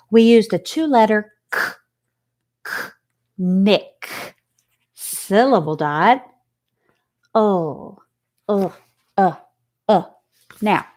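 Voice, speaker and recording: A woman teacher giving a recorded phonics lesson to young children, sounding out letters slowly, asking questions and answering them with praise. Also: medium pitch, darkish tone.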